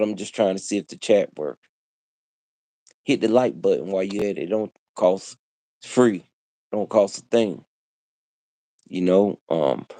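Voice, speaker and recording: Preachy man with a low, mellow voice. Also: no room sound. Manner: preachy, repetitive, street slang. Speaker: livestream host. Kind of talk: casual livestream monologue.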